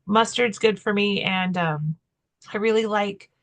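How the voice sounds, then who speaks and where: A woman's voice: mid-range voice, unhurried. A middle-aged woman co-hosting a podcast, chatting casually and rambling, tired and with a slight lisp. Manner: chatty, rambling, self-deprecating. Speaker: podcast co-host. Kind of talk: casual chat.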